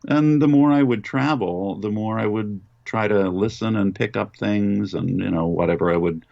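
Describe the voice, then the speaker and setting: A very deep, low-voiced older man from Western Pennsylvania, thinking back over his voice work in an unhurried way, stopping often on small fillers. The sound is dry and a little dull, like a lo-fi remote line. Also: creaky, dry recording. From Western Pennsylvania, United States. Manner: thoughtful, reminiscing, hesitant fillers. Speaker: voice actor, interview guest. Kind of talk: relaxed interview answers.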